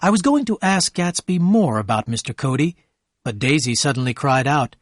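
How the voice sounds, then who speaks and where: Man reading a story slowly and clearly. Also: medium pitch, expressive, no room sound, studio quality. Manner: clear, slow, measured reading. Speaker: story narrator. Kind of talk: slow scripted narration for learners.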